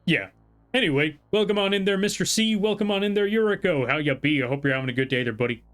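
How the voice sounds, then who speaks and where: A man's voice: high-pitched, lively intonation, quick pace, a bit bright. A male streamer in casual livestream chat, rambling and exasperated, often correcting himself mid-sentence. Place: home room.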